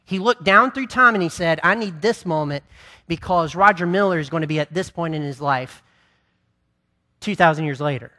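Bright-voiced male pastor preaching. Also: a little high, moderate pace. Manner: impassioned preaching, then quieter and conversational. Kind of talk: sermon.

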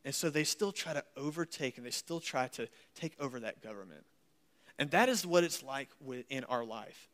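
A man's voice: medium pitch, animated, moderate pace, a bit bright. A man preaching a sermon at a church service in a folksy, joking way, reading scripture aloud and explaining it. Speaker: pastor.

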